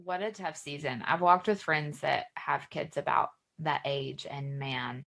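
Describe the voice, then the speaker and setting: A woman's voice: low-pitched, unhurried, creaky, a bit bright. A woman hosting a podcast, chatting casually and affirming her guest often. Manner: effusive, affirming. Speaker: podcast host. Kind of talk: casual interview chat.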